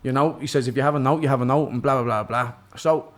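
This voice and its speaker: A young Irish man, a boxer, telling a lively, cheeky story in casual podcast chat and putting on other people's voices. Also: medium pitch, fast talker. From Ireland. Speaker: guest, professional boxer.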